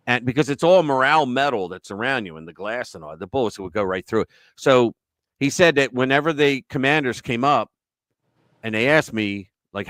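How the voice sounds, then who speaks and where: A man's voice: medium pitch, animated, fairly quick, fairly bright tone, no echo. A man hosting a livestream, telling rambling stories in casual chat and swearing freely. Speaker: livestream host.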